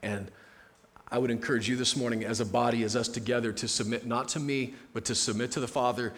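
A man preaching a sermon as pastor in a conversational way, often dropping to a soft, hushed tone. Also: medium pitch, fairly even intonation, fast. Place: church sanctuary.

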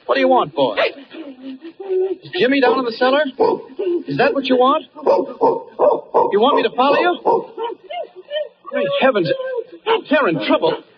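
A man's voice: extremely high pitch, wildly swooping pitch, measured pace, pauses often, over a noisy crowd, heavily acted. An actor playing Superman in his everyday guise, urgently coaxing a dog to lead him, in 1940s radio acting on a muffled old recording. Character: Superman as Clark Kent, adult man, earnest hero.

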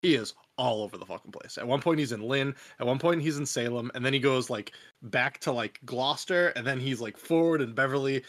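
A man's voice: mid-range voice, fairly quick, a bit bright, no echo. A man co-hosting a casual podcast chat, making laid-back, wry remarks. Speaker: podcast co-host.

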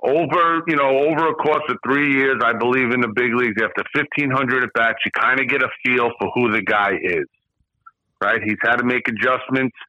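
A middle-aged man, a former hitting coach, guesting on an interview and telling lively anecdotes. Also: medium pitch, a little fast, dry recording. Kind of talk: conversational storytelling. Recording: slightly muffled, dry sound.

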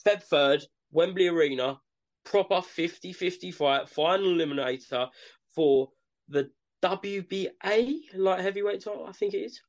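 A man's voice: high voice, moderate pace. A man with an East London accent co-hosting a podcast, talking casually and jokily about boxing. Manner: laid-back, jokey, says mate. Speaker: podcast co-host.

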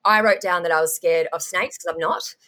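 A young Australian woman telling a story as a guest in casual conversation, full of ums and restarts. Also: fairly low pitch. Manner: animated, rapid recounting with frequent ums and restarts.

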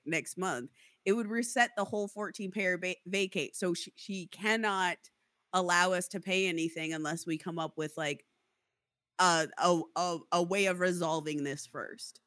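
A woman's voice: fairly low pitch, no room sound, clean studio sound. A woman in casual chat, angrily telling a story about a landlord dispute and acting out both sides. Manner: indignant, animated storytelling with mock quotes. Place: Seattle area.

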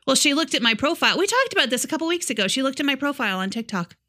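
A woman co-hosting a casual podcast, quick with short quips and laughing often. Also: high-pitched, sing-song, bright, forceful tone. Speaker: co-host.

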